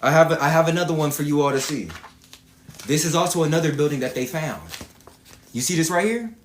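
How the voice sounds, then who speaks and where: A man's voice: a little high, fairly quick, a little hiss or hum. Combative man in a roomy space. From Atlanta, Georgia, US. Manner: profane and combative, repeats himself. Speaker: livestream host. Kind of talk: livestreamed rant.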